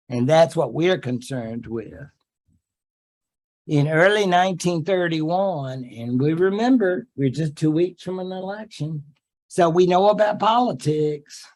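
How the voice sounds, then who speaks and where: An older man with a Southern US accent, a history professor, lectures to a classroom of students in a chatty, humorous way, with folksy asides and quotes acted out in silly voices. His voice is on the high side, and the audio is poor.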